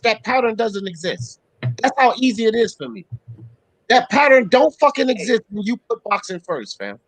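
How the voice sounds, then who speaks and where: A man hosts a live boxing talk show, his voice high and swinging all over. He talks blunt and profane, reading viewer chats and calling out panelists. The sound is close and dry. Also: big pitch swings, normal speed, no room sound, low-quality recording. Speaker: host. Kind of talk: heated live sports talk.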